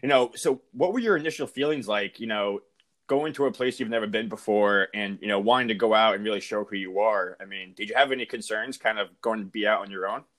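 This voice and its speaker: A man's voice: on the low side, fairly quick, a bit bright. A man from Cape Cod hosting a podcast, asking upbeat, chatty questions full of fillers. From Cape Cod, Massachusetts. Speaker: podcast host. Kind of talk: casual interview chat.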